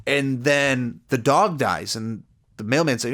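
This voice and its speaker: Speaking slowly in a medium-pitched, fairly bright voice, a male TV series reviewer rambles through an episode's plot in a casual spoken review. He peppers it with "like" and "you know" and acts out what the characters say.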